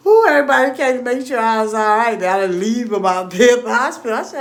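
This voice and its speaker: In casual chat, a woman tells a long, rambling story, animated and often laughing as she acts out quoted voices, blunt and profane throughout. Her voice is on the high side and her pace is quick.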